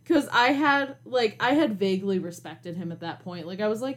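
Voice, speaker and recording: A young woman tells a college story on a podcast in a loose, casual way. She sounds exasperated and animated, and she swears and laughs as she goes. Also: medium pitch, normal speed. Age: young adult. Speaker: podcast co-host.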